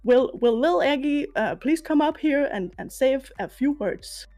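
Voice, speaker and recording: A woman's voice: high voice, animated, normal speed, warm tone, faint music behind. A woman hosting a stream, playing a fake funeral straight in a mock-solemn way, stumbling and restarting as she talks. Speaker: streamer host.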